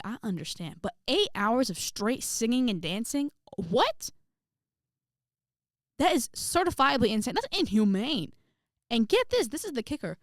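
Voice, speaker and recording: A sassy young woman recounts a story to her viewers, talking in an animated way and breaking into dramatic outbursts. Her voice sits at a middle pitch. The sound is dry and close, with no room around it. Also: no echo. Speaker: vlogger. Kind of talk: storytelling vlog.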